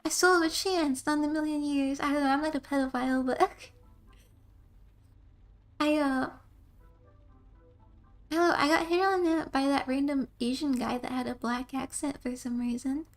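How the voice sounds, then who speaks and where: A woman's voice: sits high, fairly even intonation, normal speed, long pauses, faint music behind. A young woman streamer who reads game text aloud and tells rambling stories between lines, laughing often. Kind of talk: casual game commentary and reading.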